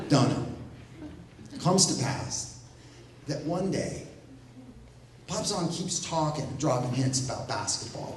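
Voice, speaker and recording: Guy telling a funny story live, lots of asides, super echoey room, mic kinda far, faint noise behind. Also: fairly high pitch. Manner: comic, animated storytelling with asides. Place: event room at a library. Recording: very echoey room, heard from a distance.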